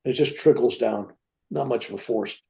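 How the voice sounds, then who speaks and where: Older guy in his 70s, raspy fry in his voice, tells his story all animated, keeps saying right?. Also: medium pitch, moderate pace. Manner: animated, tag questions like "right?". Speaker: guest. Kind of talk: personal storytelling.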